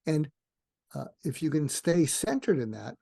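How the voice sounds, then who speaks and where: An older man, a retired psychiatrist, talking as a podcast guest, explaining in an animated way with frequent restarts. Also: a little high, measured pace, gravelly, no room sound, clean studio sound. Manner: animated, acts out dialogue in varied voices, frequent restarts. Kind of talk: conversational interview explanation.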